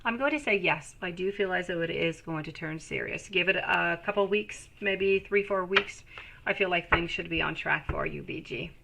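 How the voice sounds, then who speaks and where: A woman's voice: fairly low pitch, normal speed, vocal fry, sharp tone, slight background noise. A woman giving live tarot readings to viewers, reassuring and calling them sweetie. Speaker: tarot reader.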